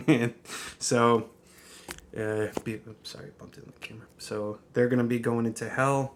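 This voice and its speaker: A man chatting casually in a vlog, talking warmly, restarting his sentences and laughing often. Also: mid-range voice, little pitch movement, a little slow. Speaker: comic book vlogger. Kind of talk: casual chat.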